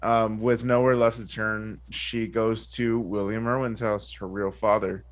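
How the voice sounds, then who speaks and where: A man with a fairly low voice calmly walks through a recap on a podcast. His delivery is measured and steady.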